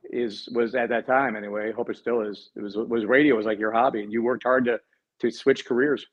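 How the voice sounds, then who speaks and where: A man hosting a sports radio show, trading quick, joking banter with his co-hosts. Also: mid-range voice, steady tone, husky, muffled recording. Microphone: studio microphone.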